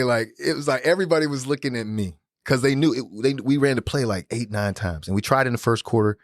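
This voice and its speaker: Animated, profane man telling stories. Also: mid-range voice, a little fast, hardly any pauses, dry recording, clean studio sound. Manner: animated, profane, slangy storytelling. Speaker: podcast guest. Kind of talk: casual storytelling interview.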